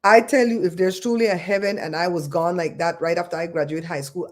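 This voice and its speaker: A woman hosting a casual livestream, chatting and telling stories in an expressive way. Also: fairly low pitch, brisk. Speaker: livestream host.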